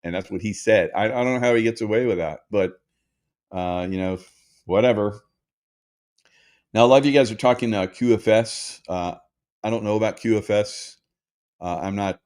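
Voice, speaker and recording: A low-voiced older man in his sixties talks casually to his followers as the host of his own show. His delivery rambles, with frequent pauses, hesitations and restarts. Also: darkish tone. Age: 60s.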